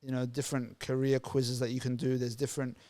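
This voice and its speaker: A man's voice: medium pitch, little pitch movement, warm tone. A man from Somalia, a youth worker talking earnestly as a podcast guest and leaning on repeated words and fillers. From Somalia, raised in Australia. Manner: fast, earnest, full of repeated words and "you know" fillers. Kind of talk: casual podcast interview.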